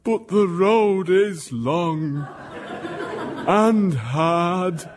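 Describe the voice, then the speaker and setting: A woman's voice: on the low side, animated, very slow, a little mellow, a little hiss or hum, pitched below the performer's own voice. A woman voicing a weary, sickly working-class husband in a radio sketch, coughing and drawling mournfully.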